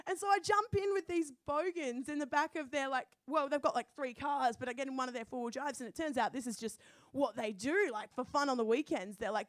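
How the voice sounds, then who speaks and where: A young Australian woman telling a comic personal story, animated and swearing, quoting herself as she goes. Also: high voice, brisk, no room sound. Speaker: storyteller guest.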